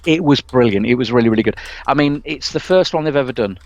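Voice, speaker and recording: A man's voice: mid-range voice, expressive, fast talker. A man, co-hosting a podcast, telling a story enthusiastically with lots of "um" and "you know". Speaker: podcast co-host. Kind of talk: casual chat. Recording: dull, lo-fi podcast audio.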